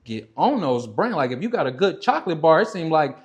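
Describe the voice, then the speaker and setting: A man guesting on a podcast, telling a story in casual chat, animated and swearing freely as he acts out what others said. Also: a little high, a little fast.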